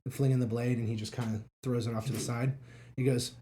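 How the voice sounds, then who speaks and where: Brief: male game master, mid-pitched, loose halting narration. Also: flat delivery, mellow, slight background noise. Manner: loose and halting, with many fillers.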